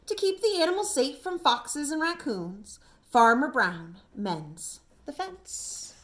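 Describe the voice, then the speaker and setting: Children's librarian, woman, storytime reader, high voice, unhurried, gentle and expressive. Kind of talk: reading a picture book aloud to kids.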